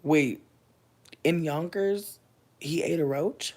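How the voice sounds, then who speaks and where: A woman in her thirties chatting casually on a livestream, answering viewers' comments, loud, profane and often laughing. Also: extremely low pitch, moderate pace. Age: 30s. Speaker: livestream host.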